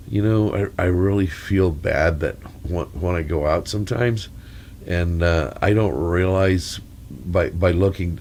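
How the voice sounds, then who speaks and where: A man's voice: deep voice, creaky, darkish tone. A man with a crackly, congested voice from a cold, rambling through a long mic check with corny jokes and wandering asides. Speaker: storyteller.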